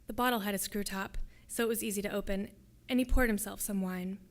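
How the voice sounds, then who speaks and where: A woman's voice: medium pitch, fast. Woman reading her story aloud. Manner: steady, descriptive storytelling. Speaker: graduate student reader. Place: lecture hall.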